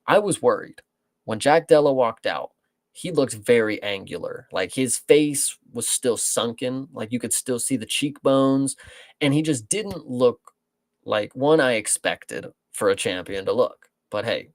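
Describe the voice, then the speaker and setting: Gravelly, blunt-talking man. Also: mid-range voice, lively intonation, a little slow, dry recording. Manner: blunt, profane, rambling. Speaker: podcast co-host. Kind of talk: casual sports chat.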